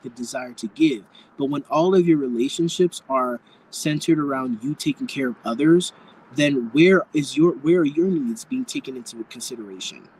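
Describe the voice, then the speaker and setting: A man's voice: fairly high pitch, darkish tone, slight background noise, poor audio. A man giving a live tarot reading to viewers, speaking frankly and campily, calling people darling and swearing freely. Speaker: tarot reader.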